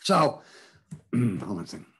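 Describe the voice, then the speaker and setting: A man's voice: on the low side, very animated, unhurried, fairly bright tone, slightly rough. A man leading an online spiritual workshop on a video call, encouraging the group and repeating back their answers. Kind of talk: teaching an online group session.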